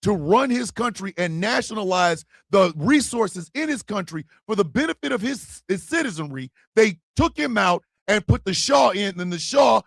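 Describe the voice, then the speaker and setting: A man's voice: high voice, lively intonation, normal speed, gravelly, hardly any pauses, no echo, clean studio sound. A man hosting a livestream, delivering a blunt political monologue with emphatic repetition and swearing. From United States. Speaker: host.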